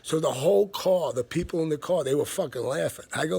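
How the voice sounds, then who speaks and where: A man's voice: on the high side, brisk, few pauses, a little mellow. A man, telling a story in a blunt, profane, casual rant. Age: 50s. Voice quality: gravelly, husky. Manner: profane, blunt, laughs between lines.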